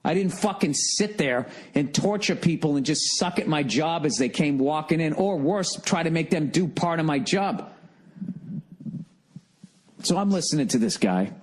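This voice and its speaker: A man's voice: fairly high pitch, expressive, moderate pace. A middle-aged man from the United States, hosting a podcast alone and ranting in an exasperated, profane comic monologue. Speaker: podcast host. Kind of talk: comedic rant monologue. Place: at home, alone.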